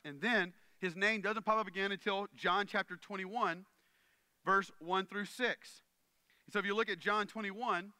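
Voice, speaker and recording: Bright, crisp-voiced male preacher. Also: high-pitched, dry recording. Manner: conversational, earnest preaching that checks in with the audience. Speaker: pastor. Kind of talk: sermon.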